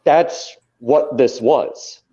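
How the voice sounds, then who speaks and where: A man's voice: mid-range voice, extremely slow, dark tone, husky. A man in casual podcast banter who talks insistently and swears freely. His voice sits mid-range. The sound is muffled and lo-fi. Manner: profane, emphatic, insistent. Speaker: podcast co-host. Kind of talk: casual chat. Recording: dull lo-fi sound.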